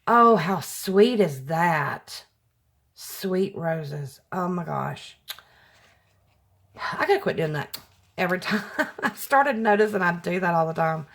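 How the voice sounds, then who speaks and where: A middle-aged woman chatting through a craft mail unboxing, gushing, her voice jumping up high when she gets excited. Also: slow pace. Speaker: craft vlogger. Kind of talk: casual unboxing chat.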